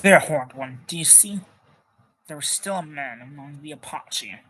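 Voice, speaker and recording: A man's voice: a little high, lively intonation, moderate pace, bright, forceful tone. A man casually reading a comic book aloud, stumbling over words and chatting in asides.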